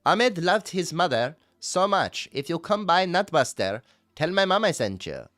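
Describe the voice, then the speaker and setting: A man voicing a loud, crude male restaurant ad pitchman with a put-on accent, pitched well above his own voice. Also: sing-song, unhurried, no room sound, studio quality, full character voice. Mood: hyped sales pitch.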